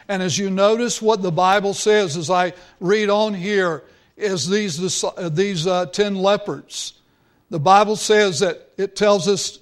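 A male pastor preaching a sermon, earnest, drawing out key words for emphasis. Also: high voice.

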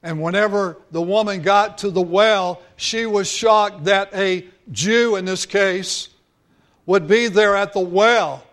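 A man's voice: high-pitched, fairly even intonation, takes it slowly, fairly bright tone. A male pastor preaching a sermon, earnest, drawing out key words for emphasis.

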